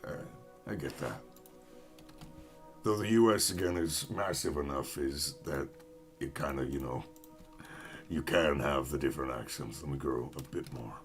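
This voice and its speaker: A man's voice: rumbling low, normal speed, pauses often, soft background music. A young American man chatting casually with viewers while playing a game, rambling and self-mocking. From United States. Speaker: gaming streamer.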